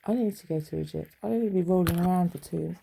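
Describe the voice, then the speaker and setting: A woman's voice: on the low side, fast talker, creaky, dark tone, a little hiss or hum, poor audio. A middle-aged woman chatting in a rambling, wry way at home, swearing freely. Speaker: vlogger. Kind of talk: rambling casual monologue. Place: home bedroom.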